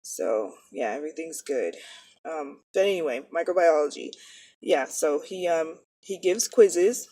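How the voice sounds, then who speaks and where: A woman's voice: sits low, animated, unhurried, dark tone. A woman in her thirties, a nursing student, chatting casually and rambling, often correcting herself mid-sentence. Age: 30s. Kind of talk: casual chat.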